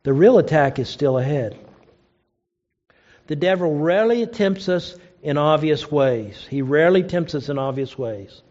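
Male preacher with a high voice, storytelling sermon delivery, dull lo-fi recording. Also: lively intonation, a little slow, a little mellow. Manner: storytelling, acts out quoted lines with rising pitch.

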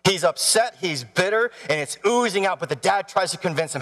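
A male pastor in his thirties preaches with animated storytelling and questions for his listeners. His voice sits fairly high and rings with the long reverb of a large church hall. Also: normal speed. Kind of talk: sermon.

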